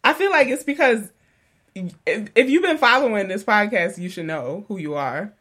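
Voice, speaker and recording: Woman podcast host, casual and chatty, quick to laugh. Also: mid-range voice, animated, a bit bright. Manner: chatty, laughing, lots of fillers.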